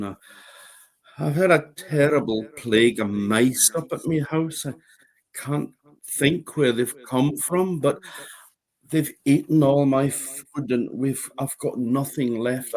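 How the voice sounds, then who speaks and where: A man's voice: mid-range voice, darkish tone, pitched above the performer's own voice, natural voice. A man voicing a poor, greedy old woman with an Orkney accent, pleading and self-pitying.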